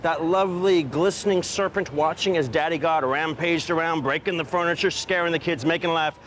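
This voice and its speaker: A man with a fairly high, natural voice performs a brisk dramatic film monologue in a mocking mood, with slight background noise. He plays a weary, wistful gay storyteller, swinging from fervent outbursts to hushed confessions.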